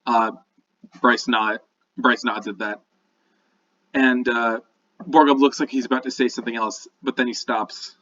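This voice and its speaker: A man's voice: mid-range voice, steady tone, unhurried, long pauses, fairly bright tone, dull audio. A man narrating as game master of a tabletop game, chatty and laughing often.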